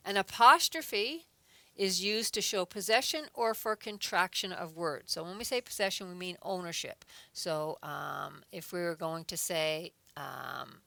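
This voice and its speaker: A woman teaching a grammar lesson, explaining patiently one step at a time. Her voice is bright and sits a little low, and the sound is close and dry, with no room around it. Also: unhurried, creaky, dry recording. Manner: checks in with frequent "okay". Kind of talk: recorded adult English lesson.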